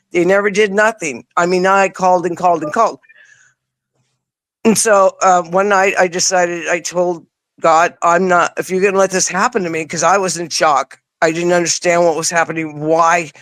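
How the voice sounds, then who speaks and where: Animated woman telling her own story. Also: lowish voice, dry recording. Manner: animated, acts out her own past words; casual, informal wording. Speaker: interview guest. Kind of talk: personal storytelling.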